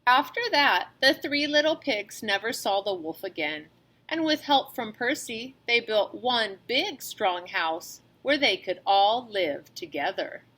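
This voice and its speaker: A woman reading a children's storybook aloud in an expressive, animated way, as a teacher. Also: a little high, a little slow.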